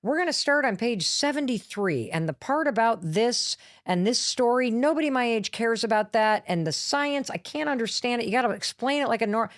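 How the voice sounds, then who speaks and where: A woman acting out her bossy young adult daughter, who talks fast and impatiently and scolds her. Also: fairly high pitch, lively intonation, dry recording, studio quality, pitched above the performer's own voice, close to an everyday voice.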